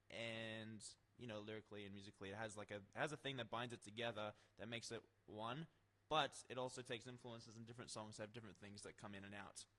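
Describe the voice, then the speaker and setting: A bright-toned Australian man chatting in a casual livestream interview. He jokes, rambles and laughs as he talks. His voice sits in a middle pitch. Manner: joking, rambling, laughs often. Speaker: band member interviewed. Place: London, indoors.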